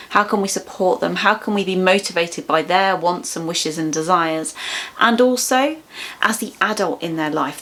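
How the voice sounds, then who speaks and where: Woman presenting a reassuring webinar. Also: mid-range voice. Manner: expressive, reassuring explanatory delivery. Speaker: webinar presenter on child anxiety. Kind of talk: educational webinar talk.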